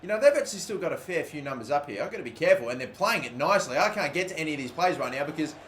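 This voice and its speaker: A young man giving live commentary over a football video game, excitable and swearing loudly at the game. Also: a little high, very fast, a little hiss or hum. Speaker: gaming YouTuber.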